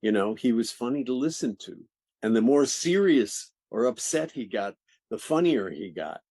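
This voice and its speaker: An older man, an actor, telling stories from his career in an interview, animated and laughing often. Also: medium pitch, normal speed, no room sound. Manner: animated, laughing, restarts sentences. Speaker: actor guest. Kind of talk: interview storytelling.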